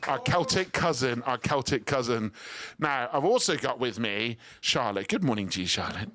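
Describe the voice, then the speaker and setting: A man's voice: mid-range voice, lively intonation, normal speed, a bit bright, no room sound. A man hosting live radio from a studio, upbeat and teasing with his guests. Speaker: radio host.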